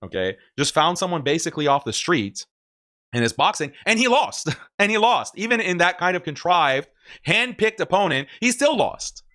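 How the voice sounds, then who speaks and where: A man talks through clips on a stream in casual, argumentative commentary. He is emphatic and laughs often, with a fairly high voice. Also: very animated, normal speed, bright, forceful tone.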